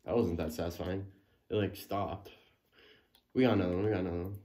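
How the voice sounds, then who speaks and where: A man's voice: deep voice, fairly even intonation, fast, mellow. A man casually unboxing and trying on a gaming headset, thinking aloud with many fillers and restarts. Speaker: unboxing vlogger.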